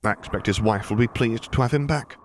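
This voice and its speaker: A man's voice: medium pitch, a little fast, a little hiss or hum, pitched above the performer's own voice, close to an everyday voice. A man reading a story, voicing a formal, dogged admiral in his sixties who speaks with stiff politeness. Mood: polite. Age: 60s.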